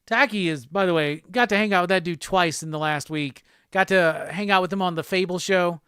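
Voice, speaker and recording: A laid-back man hosts a casual live stream and reads out viewer comments between easy laughs. His voice sits fairly high for a man. The sound is close and dry, with no room around it. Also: sharp tone, clear, resonant tone, no echo. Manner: laid-back, chatty, quick laughs, reads chat aloud. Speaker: host of a live pop culture show.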